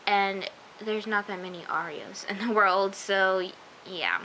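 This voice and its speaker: A woman's voice: mid-range voice, moderate pace, bright, forceful tone, a little hiss or hum, poor audio. Chatty young woman recapping a show. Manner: chatty, gushing, full of "like" and "oh my gosh", drops into whispers. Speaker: show reviewer. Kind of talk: casual episode recap.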